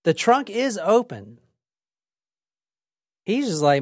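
A young adult woman hosting a casual true crime podcast, telling the story in a lively, chatty way with swearing and acted-out quotes. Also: on the low side, takes it slowly, long pauses, dry recording, studio quality. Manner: lively, swearing, laughs often, acts out quotes. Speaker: podcast host.

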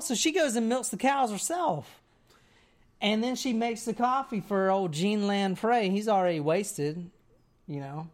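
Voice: mid-range voice, unhurried. A person telling a story to friends in a casual, rambling way, with many "like"s and "right?"s.

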